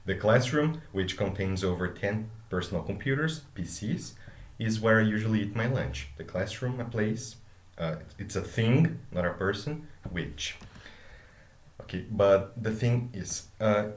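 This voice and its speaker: A man's voice: lowish voice, animated, measured pace. A man, teaching an English grammar lesson. He explains with examples and often checks in with "okay?". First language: Portuguese. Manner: explains with examples, asks okay after each point. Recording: echoey room.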